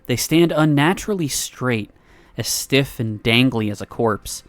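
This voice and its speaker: A man's voice: mid-range voice, unhurried, no echo. Man reading a visual novel aloud. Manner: expressive reading broken by laughs and asides. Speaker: streamer.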